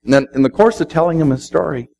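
A man's voice: on the high side, quick pace, creaky, darkish tone, rough recording. A middle-aged man preaching a sermon, speaking conversationally and quoting scripture. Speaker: pastor.

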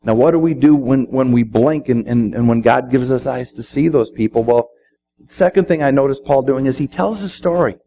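A man's voice: medium pitch, normal speed, warm tone, poor audio. A middle-aged man preaching a sermon, speaking conversationally and quoting scripture. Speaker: pastor.

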